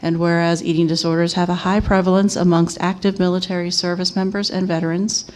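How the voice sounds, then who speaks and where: A woman chairing a city commission meeting, reading agenda items and a formal proclamation aloud in a steady, even manner. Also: lowish voice, a little fast.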